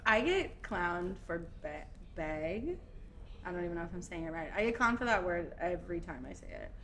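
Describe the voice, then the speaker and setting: A woman's voice: fairly low pitch, expressive, fast, a bit bright, slight background noise. A young woman from Minnesota with a Minnesota accent, chatting casually as a podcast guest, laughing often and trailing off into filler words. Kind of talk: casual chat.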